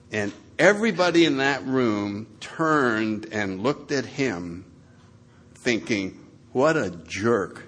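A man telling funny stories at a meeting, laughing and acting out the people in them. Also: medium pitch. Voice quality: laughs through his stories, does loud voices for others. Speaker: recovering alcoholic sharing at a meeting. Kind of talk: lively anecdotal storytelling.

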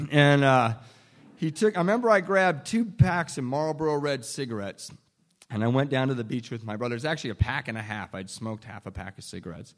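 A man's voice: mid-range voice, animated, fairly quick. A man telling a candid personal recovery story in a wry, self-deprecating way, often restarting sentences and chuckling. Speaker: speaker sharing a recovery story.

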